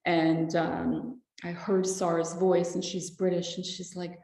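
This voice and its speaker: A woman guest on a podcast, sharing a personal testimony in a halting, reflective way with many fillers, audibly emotional. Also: on the low side, level tone, creaky, dark tone. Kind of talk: personal testimony, casual talk. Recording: roomy echo.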